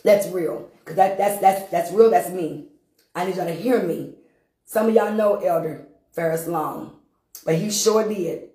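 A woman's voice: on the low side, measured pace, warm tone. A woman minister giving her testimony to a congregation, talking emphatically, repeating herself for effect and breaking into laughter. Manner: repetitive, emphatic, bursts into laughter. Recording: roomy echo.

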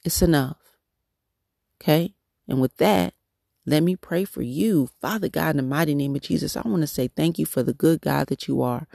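A man hosting a devotional podcast, praying and encouraging listeners in a halting, repetitive way. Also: fairly high pitch, creaky, dark tone, no room sound, studio quality. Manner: halting, repetitive prayer phrasing. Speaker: podcast host leading prayer.

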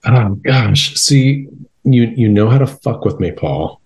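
A man's voice: medium pitch, lively intonation, slow pace, a little mellow. A man co-hosting a casual podcast chat, laid-back and self-deprecating. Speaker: podcast co-host.

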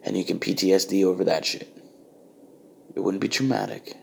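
A man's voice: low-pitched, steady tone, fairly quick, vocal fry, a little hiss or hum. A man delivering a profane, exasperated comedic rant. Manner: ranting, exasperated, heavy swearing.

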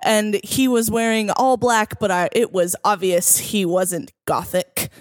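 A woman's voice: medium pitch, steady tone, unhurried, no echo. A woman podcast producer reading a fanfic aloud in mock-dramatic style, laughing between lines with friends.

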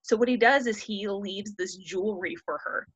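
A woman's voice: mid-range voice, normal speed. A woman in her thirties, retelling a classic story in a casual, irreverent and profane way, often slipping into characters' lines. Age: 30s. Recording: dry, slightly dull lo-fi audio.

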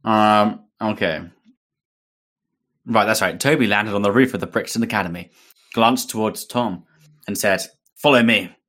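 A man's voice: lowish voice, normal speed, long pauses. A man, hosting a podcast and reading fan fiction aloud, laughing as he goes. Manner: animated, breaks into laughter often. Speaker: podcast host.

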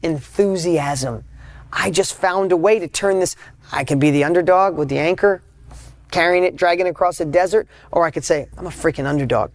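A man hosting a motivational podcast, talking casually and emphatically, with sudden loud high peaks between quieter asides. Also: normal speed, no room sound. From United States. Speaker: podcast host. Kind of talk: motivational talk.

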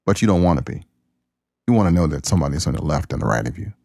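A man with a low, deep voice hosts his own podcast in a casual monologue. He is folksy and preachy, with a plain-spoken way of talking. The sound is dry and close. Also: lively intonation, very fast, vocal fry, a little mellow, husky, no echo. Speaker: podcast host.

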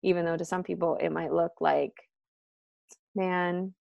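A woman talking casually as a podcast guest, animated and full of "like" and "um", acting out what her friends said. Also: quick pace, vocal fry, no echo, lo-fi sound. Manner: animated, acts out quoted friends with pitch jumps; filler-heavy, frequent "like" and "um". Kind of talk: casual conversation.

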